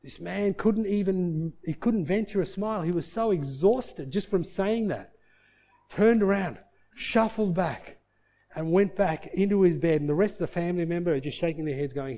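A man preaching a sermon, telling a healing story, dropping to soft low passages and rising to loud shouted peaks. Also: moderate pace.

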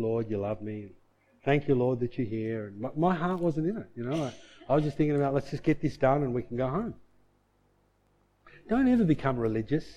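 A man preaching a sermon and telling a personal testimony, conversational, dropping to soft low asides and rising to loud, emphatic declarations.

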